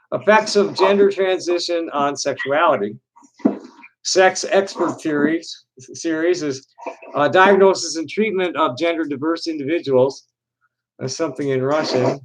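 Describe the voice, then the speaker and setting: Halting man rambling on a livestream. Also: a little high, a little hiss or hum, low-quality recording. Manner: halting, with many restarts and repeated words. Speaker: livestream host and busker. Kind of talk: rambling casual chat.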